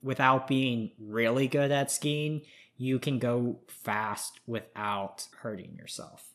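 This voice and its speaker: A man's voice: medium pitch, takes it slowly, a bit bright. A man co-hosting a casual podcast chat, reminiscing in an easygoing, reflective way. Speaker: podcast co-host.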